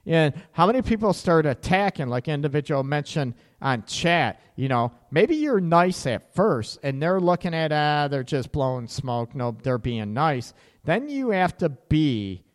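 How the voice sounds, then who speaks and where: Guy doing a relationship advice radio show, kinda high voice, blunt and sarcastic, long reverb on it. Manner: blunt and animated, swears, sarcastic asides.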